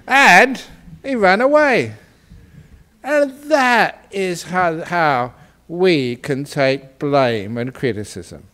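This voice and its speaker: Man, Buddhist teacher, storytelling, playful and lively, unhurried delivery. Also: a little high. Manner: playful and animated, laughing often. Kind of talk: storytelling in a dharma talk.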